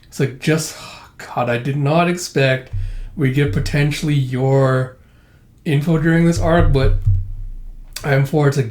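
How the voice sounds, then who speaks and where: A young man casually recapping and commenting on a comic chapter in a chatty, animated way. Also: on the high side, unhurried, pauses often, roomy sound. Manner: chatty, animated, laughs often. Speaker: manga reader and commentator.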